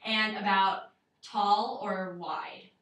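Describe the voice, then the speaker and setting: A woman's voice: mid-range voice, fairly even intonation, drawn-out words, fairly bright tone. Young woman teaching singing in echoey room. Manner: casual, chatty, many fillers and laughs. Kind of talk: one-on-one singing lesson. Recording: roomy echo, mic far off.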